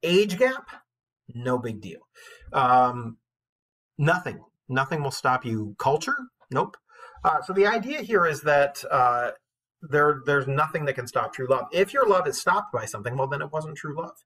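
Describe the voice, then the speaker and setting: A man's voice: on the high side, big pitch swings, a little slow, fairly bright tone, slightly rough. A man teaching a class on a poem, explaining in a casual way with many fillers and reading the verse aloud.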